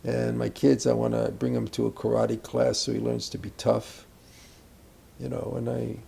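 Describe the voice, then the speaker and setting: A man's voice: mid-range voice, monotone, moderate pace, vocal fry, warm tone, husky. An older man, an acting teacher, speaking reflectively about character in a conversational interview, rambling with asides and restarts.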